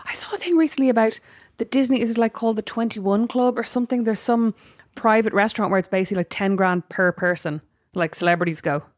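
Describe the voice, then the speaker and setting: An Irish woman co-hosting a podcast in casual chat, quick and chatty and laughing easily. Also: mid-range voice, no echo. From Ireland. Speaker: podcast co-host.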